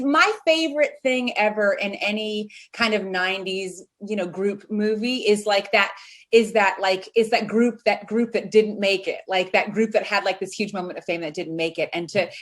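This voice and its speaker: A woman's voice: mid-range voice, steady tone, normal speed, fairly bright tone. Rambling, giggly woman guest. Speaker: actress, interview guest. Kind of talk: casual chat.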